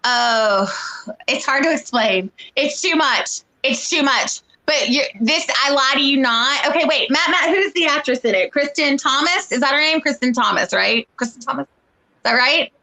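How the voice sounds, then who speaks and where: A woman co-hosting a casual show chat, talking in a chatty, animated way and acting out quoted lines when she retells a story. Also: sits high, moderate pace, poor audio. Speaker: co-host.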